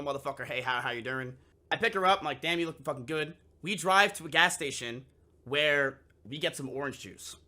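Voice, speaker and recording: Young man, streamer, casual storytelling, profane, animated, bright tense voice. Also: on the high side. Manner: profane and animated, acting out both sides of the conversation. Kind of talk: casual storytelling to a live chat.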